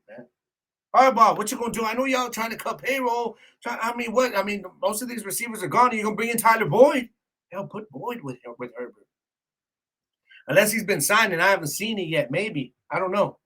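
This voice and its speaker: High, bright-voiced ranting sports podcaster man. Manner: animated, ranting, laughs at own jokes. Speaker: podcast host. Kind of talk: casual sports talk monologue.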